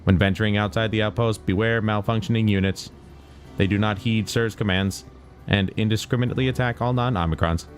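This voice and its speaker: Clipped video game robot soldier, monotone and mechanical, played by a man reading aloud. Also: lowish voice, a little fast, faint music behind, close to an everyday voice. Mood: robotic. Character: male combat robot soldier, flat and clipped.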